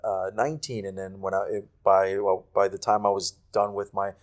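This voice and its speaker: A low-voiced young man, a guest on a casual podcast. He recounts his past calmly and reflectively, keeping a steady pace. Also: moderate pace. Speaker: guest co-host. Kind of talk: casual faith talk.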